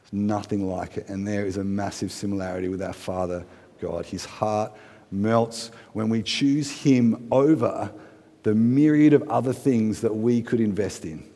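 A man in his thirties preaching a sermon in a relaxed, conversational way, asking his listeners questions and adding light humorous asides. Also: lowish voice, a little slow. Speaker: pastor. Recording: long hall reverb.

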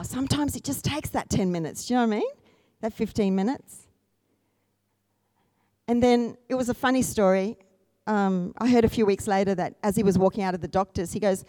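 A woman preaching a sermon, swinging from soft storytelling to loud, high-pitched exhortation. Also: fairly quick, dry recording.

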